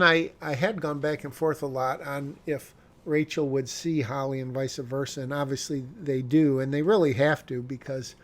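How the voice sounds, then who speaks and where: A man's voice: a little high, a little mellow. A male screenwriter talking casually through his own script, rambling and correcting himself with wry asides.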